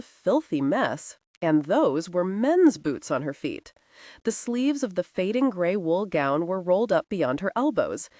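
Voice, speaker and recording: A woman narrating a historical romance audiobook in an expressive, dramatic reading. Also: fairly low pitch, no echo, clean studio sound.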